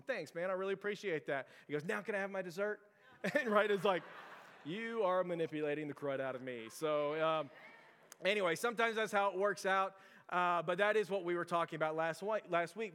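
A man's voice: a little high, a bit bright, long reverb tail. A man preaching a sermon in a conversational, storytelling manner, full of fillers and asides. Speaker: pastor.

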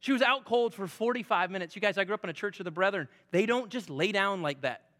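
High bright-voiced pastor guy in his 40s preaching, chatty then punchy and loud, big echoey church. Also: quick pace. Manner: animated, conversational preaching that rises to loud emphasis. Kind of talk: sermon. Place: church sanctuary.

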